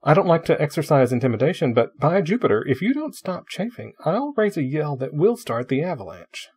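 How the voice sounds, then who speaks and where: A man voicing an irritable young man in pain who snaps gruffly, with a husky voice. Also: on the high side, sing-song, brisk, a little mellow. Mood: angry. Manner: gruff, snapping.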